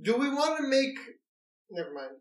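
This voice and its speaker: High-voiced man, hesitant co-writer. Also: very animated, normal speed. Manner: hesitant, stammering. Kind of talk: casual chat. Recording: echoey room, mic at a distance.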